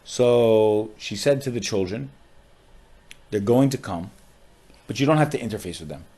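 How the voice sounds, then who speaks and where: A man, a rabbi on a podcast, tells a story with strong feeling, often saying "like" and dropping to a hushed voice at sad moments. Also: lowish voice, expressive, moderate pace. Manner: emotional storyteller with frequent "like" fillers.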